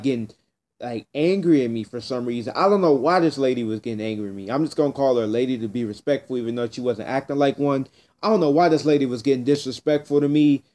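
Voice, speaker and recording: A man's voice: mid-range voice, dark tone. A teenage boy telling a rambling, blunt story to camera in casual speech, repeating himself as he goes. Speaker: vlogger.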